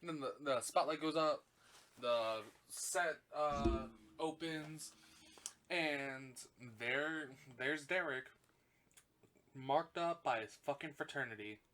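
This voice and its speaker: A man hosting a podcast, recapping a film in casual chat, swearing constantly and gushing or fuming as he retells the plot with fillers and quick self-corrections. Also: a little high, fairly bright tone, a little hiss or hum. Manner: profane, gushing and indignant, heavy swearing. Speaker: podcast host.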